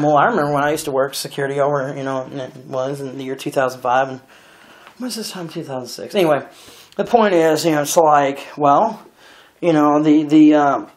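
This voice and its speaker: A young man talks in a loose, rambling monologue, leaning on fillers and restarting his sentences again and again. He keeps stopping to clear his throat. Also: a little high. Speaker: video blogger.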